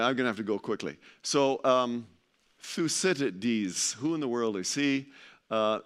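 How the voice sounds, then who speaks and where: Rambling, joking male lecturer. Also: on the low side. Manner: chatty, joking, often searching for words with many restarts. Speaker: speaker giving a presentation. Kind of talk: informal lecture to a live audience.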